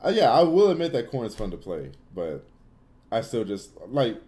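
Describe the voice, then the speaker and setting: A man's voice: mid-range voice, huge pitch swings, moderate pace, mellow. A young man hosting a casual gaming Q&A livestream, giving blunt opinions in loose, filler-heavy talk. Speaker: livestream host answering chat.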